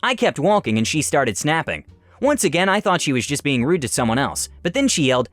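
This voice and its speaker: A man narrating stories, reading them aloud in an expressive, animated way. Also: fairly high pitch, brisk, no echo. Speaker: story narrator. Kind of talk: storytelling narration.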